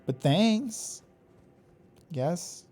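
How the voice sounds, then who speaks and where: A man streaming a video game live, reacting excitably, swearing and taunting the enemies he fights. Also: sits high, drawn-out words, soft background music. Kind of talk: live gameplay commentary.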